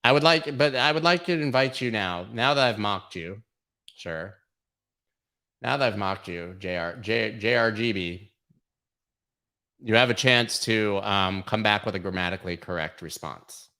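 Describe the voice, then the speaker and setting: A man's voice: lowish voice, unhurried, pushed and bright. Profane, mocking crypto stream host, man. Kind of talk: casual livestream chart commentary.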